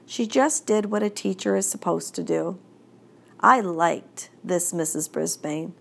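Slow, gravelly woman narrating a story. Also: lowish voice. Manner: gentle, deliberate storytelling. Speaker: audiobook narrator. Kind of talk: children's audiobook narration.

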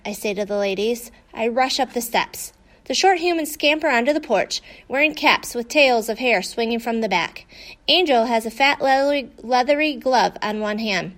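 A woman narrating a children's story in a lively way. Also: fairly high pitch, moderate pace. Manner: lively, voices the dogs' dialogue. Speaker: audiobook narrator.

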